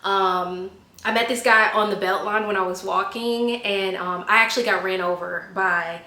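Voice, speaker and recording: Woman vlogger, 20s, lively storyteller, bright tone, roomy sound. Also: mid-range voice, moderate pace. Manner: animated storyteller, laughs at herself. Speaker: vlogger answering viewer questions. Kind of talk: casual chat.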